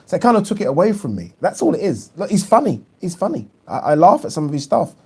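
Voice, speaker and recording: A man's voice: high-pitched, big pitch swings, fast, husky. A man hosting a boxing channel, chatting casually on a live stream and giving his opinions, with frequent ums and repeated words. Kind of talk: casual live-stream chat, reading viewer questions.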